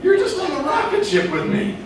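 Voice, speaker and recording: Man, playful stage comedy pep talk, high-pitched, very echoey hall, distant mic. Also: wildly swooping pitch, brisk. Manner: playful, jokey, acts out customers and brokers. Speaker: motivational speaker at a real estate event. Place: large event hall with live audience. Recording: echoey hall recorded from far off, noisy.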